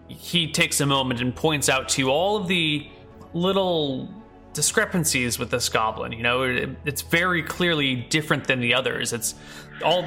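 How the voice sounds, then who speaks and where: A man's voice: medium pitch, sharp tone. A man running a tabletop game as game master, narrating casually with lots of fillers.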